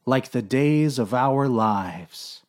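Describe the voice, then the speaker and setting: Casting: a man as a ponderous old-school captain, slow and swooping. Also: medium pitch, animated. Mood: solemn. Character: solemn middle-aged male submarine captain.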